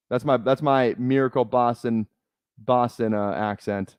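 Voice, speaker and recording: A man's voice: medium pitch, steady tone, unhurried, a little mellow, smooth, no echo, studio quality. A young man from Minnesota chatting casually on a live stream, rambling and joking with many restarts. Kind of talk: casual live-stream chat while drafting.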